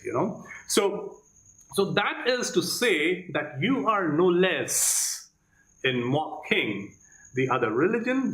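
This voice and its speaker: A man's voice: fairly high pitch, fairly bright tone, echoey room, low-quality recording. A man giving Catholic opinion commentary, emphatic, asking rhetorical questions and calling the listener "my friend". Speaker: Catholic commentator reviewing a debate.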